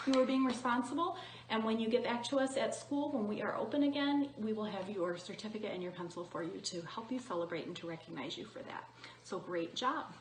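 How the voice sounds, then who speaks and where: A woman's voice: medium pitch, a little fast, reverberant, a little hiss or hum, poor audio. A woman hosting school morning announcements for children, cheerful and encouraging. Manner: cheerful, encouraging, talks to a companion.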